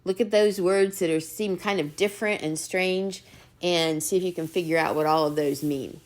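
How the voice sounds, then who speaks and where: A woman teacher reading a children's novel aloud, gentle and encouraging as she talks to her students. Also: fairly low pitch, fairly even intonation, moderate pace.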